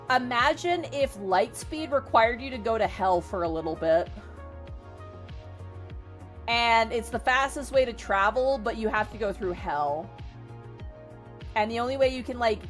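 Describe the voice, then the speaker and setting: A young woman streamer casually retelling a story, animated and full of filler words and swearing. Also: fairly high pitch.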